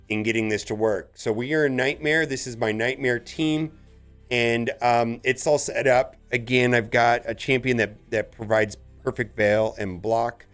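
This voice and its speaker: A man talks through his gameplay in a loose, casual commentary voice at a middle pitch. He chats along steadily and breaks into loud, excited whoops when something good turns up. Faint background music plays under him. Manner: chatty, gets loudly excited over good rolls. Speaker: gaming channel host.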